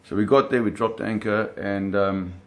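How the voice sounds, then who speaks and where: A man telling a personal story in an animated, vivid way, often restarting his phrases. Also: on the low side, moderate pace.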